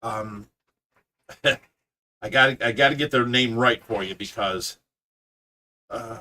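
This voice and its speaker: A man's voice: mid-range voice, slow pace, sharp tone. A middle-aged man with an Ohio accent, chatting casually on a livestream and telling a long story, acting out what others said. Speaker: fish rescue owner and caregiver. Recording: voice picked up from a distance.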